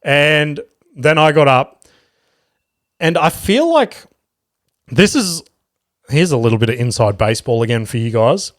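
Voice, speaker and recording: A man's voice: fairly high pitch, very animated, unhurried, long pauses, no echo, clean studio sound. A man hosting a solo podcast, chatting casually and swearing freely as he rambles through stories. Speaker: podcast host and stand-up comedian.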